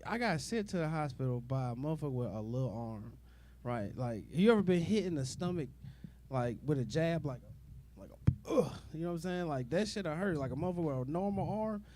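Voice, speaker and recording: A man's voice: a little high, expressive, brisk, warm tone, slight background noise. A young man doing a rambling, profane stand-up comedy set, full of fillers and asides to the crowd.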